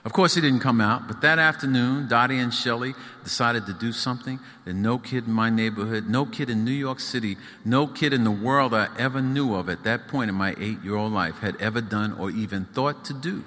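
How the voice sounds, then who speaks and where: A man reads his own prose aloud at a live event, his delivery rhythmic and emphatic. His voice sits in a middle pitch with a bright edge. The room adds a long reverberant tail. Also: a little fast, hardly any pauses. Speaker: author reading his own book. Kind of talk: live book reading. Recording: echoey hall.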